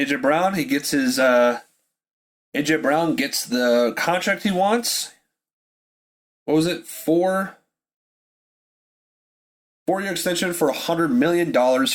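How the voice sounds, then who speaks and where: Excitable Pittsburgh man on a podcast, ranting live in disbelief, animated and a bit high-pitched. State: drinking beer. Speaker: podcast host. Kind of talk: live draft reaction commentary.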